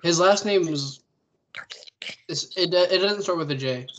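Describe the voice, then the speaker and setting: A young man co-hosting a casual podcast chat, playful and quick to tease. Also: high-pitched, muffled recording, a crowd in the background. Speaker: podcast co-host.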